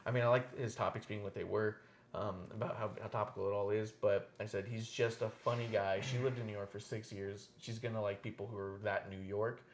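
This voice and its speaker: A man hosting a casual wrestling podcast, telling stories with lots of swearing and lively animation. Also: on the low side, fairly quick, a little hiss or hum. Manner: animated, profane storytelling. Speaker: podcast host.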